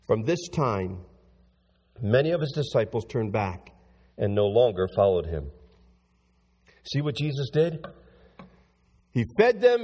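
A man preaching in a church sanctuary with a fairly high, husky voice. He swings from hushed low passages to loud, excited peaks, and a long reverb trails behind every phrase. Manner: animated preaching with big swings in pitch and loudness. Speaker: pastor. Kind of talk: sermon.

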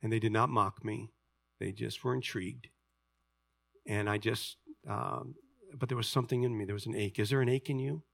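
A man in his sixties, a pastor, preaching a sermon and telling personal stories, moving between loud emphatic reading and quiet confiding asides. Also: on the low side, steady tone, normal speed, vocal fry, no echo, studio quality. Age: 60s.

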